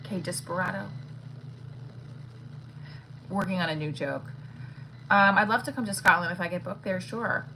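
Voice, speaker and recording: A woman's voice: lowish voice, fairly quick, pushed and bright, slight background noise, poor audio. A woman comedian chatting frankly on a phone livestream from home, rambling and swearing casually. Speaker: stand-up comedian.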